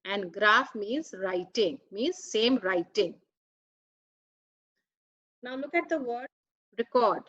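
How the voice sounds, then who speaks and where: A woman's voice: fairly high pitch, lively intonation, fairly bright tone, dry recording, muffled recording. A woman teaching an English grammar lesson, carefully reading out words and their meanings one by one. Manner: careful, deliberate, reads out word meanings one by one. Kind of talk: slow explanatory grammar lesson.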